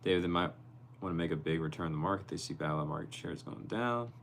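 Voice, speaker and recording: A young man with a very low, deep voice hosts a relaxed livestream from his bedroom. He reads viewers' comments out loud and replies to each of them by name in an easygoing way. A faint hum sits behind him. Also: brisk, vocal fry. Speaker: livestream host. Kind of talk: casual livestream chat.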